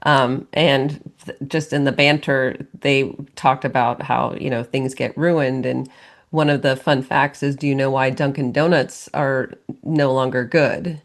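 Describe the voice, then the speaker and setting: A woman with a notably low voice chats as a podcast co-host. She is relaxed and wry, and trades easy agreement with her partner. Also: a little slow. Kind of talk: casual chat.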